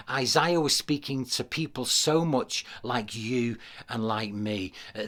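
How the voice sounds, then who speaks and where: Man preaching an emphatic sermon. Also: medium pitch. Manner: emphatic preaching, repeats key phrases, rising to loud declarations. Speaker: pastor. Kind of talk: livestreamed sermon. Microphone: speaking to a camera.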